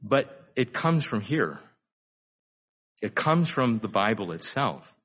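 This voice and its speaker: A man's voice: lowish voice, big pitch swings, slow, fairly bright tone, breathy edge. An older man delivering a sermon in an easygoing, conversational way. He poses frequent rhetorical questions and stretches out key phrases for emphasis. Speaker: pastor.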